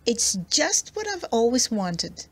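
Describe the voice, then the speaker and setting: A woman's voice: fairly high pitch, sing-song, slow, pitched above the performer's own voice, exaggerated voice. A woman reading aloud, voicing an eager young boy in a children's storybook. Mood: excited. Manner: eager, pleading, breathless.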